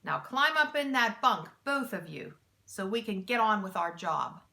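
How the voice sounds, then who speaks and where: A woman's voice: medium pitch, sing-song, unhurried, creaky, bright, forceful tone, exaggerated voice. A woman reading aloud, voicing a polite, long-winded adult male hijacker in a children's storybook. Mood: bossy. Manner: formal, fussy, long-winded.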